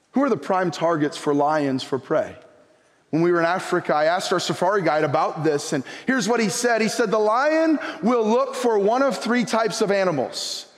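A middle-aged man preaching a sermon and telling a personal story in an animated way, often repeating his words. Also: high voice, big-room sound. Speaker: pastor. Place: church sanctuary.

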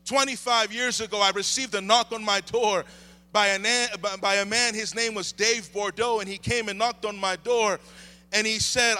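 A man in his thirties delivers a sermon with impassioned emphasis. His voice sits somewhat high and rings with a bright, forward edge. He leans into repeated refrains as he builds. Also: normal speed. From United States. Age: 30s. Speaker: preacher. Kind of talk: sermon with opening prayer.

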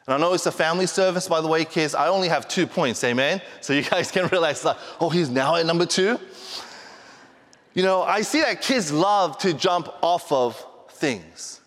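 A male pastor preaching in a church with a high, light voice. He moves between playful asides to the kids and slow, weighty emphasis, and a long reverb hangs in the hall behind him. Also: expressive, a bit bright. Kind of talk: sermon. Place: church sanctuary.

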